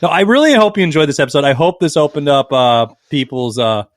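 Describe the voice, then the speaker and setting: A man co-hosting a podcast in casual crude banter, swearing freely, laughing often and swinging between loud and soft. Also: a little high, animated, fast, no room sound, studio quality. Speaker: podcast co-host.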